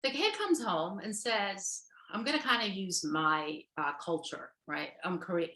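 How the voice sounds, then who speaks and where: A woman's voice: medium pitch, animated, measured pace, pushed and bright. An American woman therapist giving a workshop lecture over a video call. She checks in with her listeners constantly, asking "okay?" and "right?". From United States. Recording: roomy echo.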